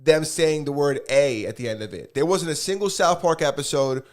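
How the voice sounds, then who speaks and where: Brief: young male podcast co-host from New York, casual banter, animated and restless delivery. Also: a little high, a little fast. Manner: animated, rambling opinions with many restarts. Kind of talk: casual chat.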